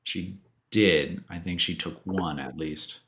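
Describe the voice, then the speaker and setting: A man's voice: low voice, fairly even intonation, slow pace, fairly bright tone. A man playing a character in a tabletop game, talking casually with many likes and you-knows. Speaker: player.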